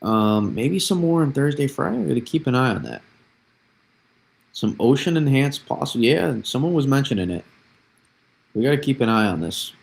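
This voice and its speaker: With a gravelly, sing-song, medium-pitched voice, a young man from New England analyzes the weather on a casual livestream at a moderate pace, pausing often. He wanders through the forecast, repeats points, and responds to chat as he goes.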